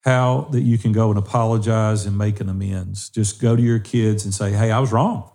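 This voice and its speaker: Male podcast co-host, low and dark tone, earnest and exhorting. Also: little pitch movement, moderate pace, creaky. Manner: earnest, exhorting listeners directly. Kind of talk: encouraging podcast talk.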